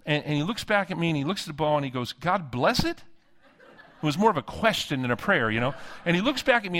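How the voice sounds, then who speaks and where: A man preaching a sermon at a conference, telling a story with lively acted-out dialogue. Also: on the high side. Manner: animated storytelling, acting out dialogue. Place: conference hall.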